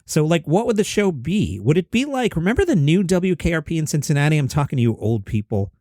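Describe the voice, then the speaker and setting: Male podcast host, casual news commentary, animated pitch, slightly high voice, dry close mic. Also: fairly quick, no echo. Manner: conversational, thinking aloud with asides.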